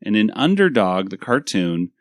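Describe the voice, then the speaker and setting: A man hosting a cartoon review podcast, talking in a low voice with lots of ums and asides. The sound is close and dry, with no room echo. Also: very animated, moderate pace. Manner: rambling, many fillers, laughs easily. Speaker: podcast host. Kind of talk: casual episode review chat.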